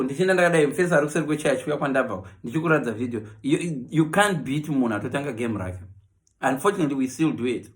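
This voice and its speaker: A man with a Zimbabwean accent doing a comic monologue, switching between Shona and English and acting out the people he talks about. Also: a little high. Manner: animated, mixes Shona with English, acts out quoted voices. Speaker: comedian.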